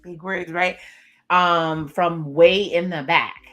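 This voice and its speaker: A woman with a somewhat low voice talks through a TV episode in a casual, chatty recap. She is expressive and reads the characters' lines aloud as she goes. Faint music sits behind her. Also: takes it slowly. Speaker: reaction video host.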